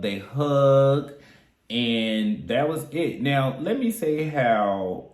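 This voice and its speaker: A man's voice: medium pitch, a little mellow, reverberant. A man giving casual, sassy recap commentary on a reality show, chatty and candid with frequent asides.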